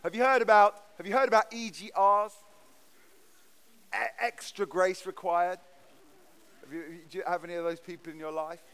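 A man's voice: sits high, fairly even intonation, moderate pace, pauses often, fairly bright tone, clear, resonant tone. A man preaching a sermon in a church, earnest and emphatic, often restarting his words. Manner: earnest, emphatic delivery with frequent stammered restarts. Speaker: pastor.

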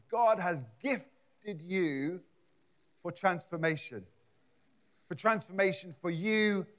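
A man preaching a conversational sermon in a church, often repeating words and adding asides. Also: sits high. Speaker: pastor.

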